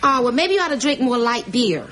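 A woman's voice: fairly high pitch, very animated, fairly quick, heavy background noise. An actress playing a motherly woman who runs a household in a sitcom, teasing the kids with dry one-liners. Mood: wry.

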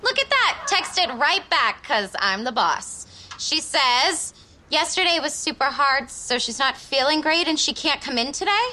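A prim, bossy young businesswoman gives orders with exasperated sitcom timing. Her voice is high and bright, with lively pitch and faint background noise. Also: a little slow, exaggerated voice. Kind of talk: sitcom acting.

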